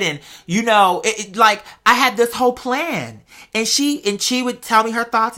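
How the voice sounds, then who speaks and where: A young man with a very high voice hosts a podcast at normal speed, chatting expressively with listeners in a casual storytelling style. He calls his audience "y'all" and "girl."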